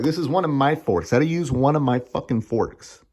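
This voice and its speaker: A man's voice: medium pitch, fairly quick, darkish tone. A man in his thirties giving a casual, sarcastic and profane food review, laughing often as he rants. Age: 30s.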